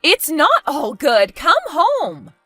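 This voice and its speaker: A woman voicing an anxious young woman babysitting her boyfriend's daughter, pleading and quick to raise her voice in an animated story. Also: fairly high pitch, no room sound, faint music behind. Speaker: stepmother-to-be left babysitting.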